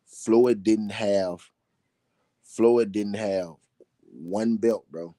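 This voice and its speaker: Deep dark-voiced man ranting about boxing. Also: drawn-out words, pauses often, no echo, clean studio sound. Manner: repetitive, emphatic, laughing between points. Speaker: boxing talk show host. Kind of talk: casual live commentary.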